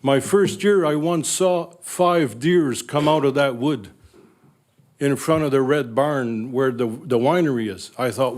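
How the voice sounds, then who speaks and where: A retired man in his sixties with a Northern Ontario accent, giving an emotional, halting public comment at a council meeting. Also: medium pitch, a little mellow. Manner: emotional, halting, repeats words. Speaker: resident speaking at council meeting.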